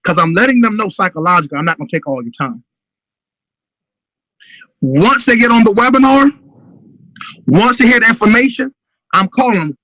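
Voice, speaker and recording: A man's voice: high-pitched, animated, normal speed, long pauses, pushed and bright, no room sound, poor audio. A man giving a motivational business talk in an urgent, emphatic way, sometimes acting out sales calls. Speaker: motivational speaker.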